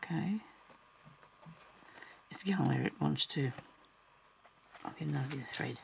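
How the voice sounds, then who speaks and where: A woman talks her way through a slow stitching session, half to herself and half to the camera. Her voice has a heavily gravelly, fried edge, with a faint hiss of background noise behind her. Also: low voice. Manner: chatty and muttering to herself while stitching. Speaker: crafter narrating her embroidery work. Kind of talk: casual talk-along crafting vlog.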